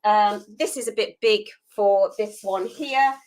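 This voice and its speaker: A woman's voice: medium pitch, unhurried, darkish tone, poor audio. A woman hosting a live food photography tutorial, chatty and self-deprecating while she works hands-on.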